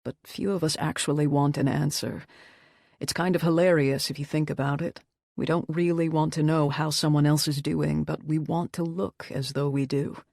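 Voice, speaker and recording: Woman doing a soft-spoken wounded rockstar guy, low and quiet, confessional, audiobook, dry close sound. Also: fairly even intonation, moderate pace, gravelly, no echo. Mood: reflective. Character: troubled male rockstar, soft-spoken and subdued. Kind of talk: audiobook character voice.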